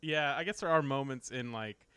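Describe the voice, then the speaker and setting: A man co-hosting a podcast in casual chat, reacting quickly and adding teasing asides. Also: medium pitch, sharp tone, smooth, dry recording. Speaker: podcast co-host.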